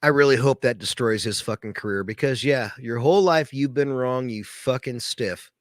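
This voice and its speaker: A man's voice: mid-range voice, moderate pace, dry recording, studio quality. A man giving a crude, rambling reaction commentary, swearing constantly. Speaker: video commentator.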